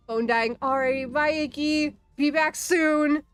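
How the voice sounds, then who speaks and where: High-voiced swearing young woman chatting. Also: measured pace, no room sound, soft background music. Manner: profane, laughing often, storytelling. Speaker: artist streamer. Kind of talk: casual chat while drawing.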